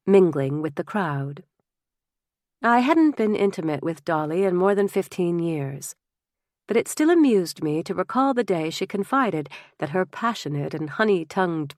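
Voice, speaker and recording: A woman narrating a historical novel in first person, measured and expressive. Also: low voice, no echo, clean studio sound. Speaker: audiobook narrator.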